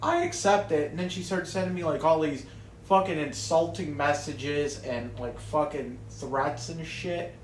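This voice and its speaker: A man's voice: fairly high pitch, measured pace, reverberant, a little hiss or hum. A man ranting casually to camera in a rambling way, swearing often and restarting his sentences. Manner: rambling, profane, many restarts and fillers. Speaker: vlogger.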